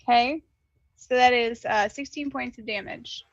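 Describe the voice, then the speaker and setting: A woman's voice: on the high side, unhurried, dry recording, highs cut off. A woman playing a tabletop game, hesitantly describing her character's actions with many ums. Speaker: player.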